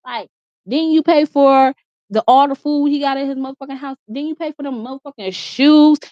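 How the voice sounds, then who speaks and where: A woman's voice: sits high, a little fast, no echo. A woman vlogger telling a heated, profane storytime rant from her room, repeating herself as she gets riled up. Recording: dull, slightly muffled sound.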